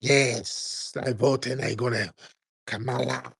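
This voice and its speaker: A man mocking a rambling radio caller who trails off into hesitant, filler-heavy, slow mumbling. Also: medium pitch, fairly even intonation, vocal fry, fairly bright tone, slightly rough, exaggerated voice.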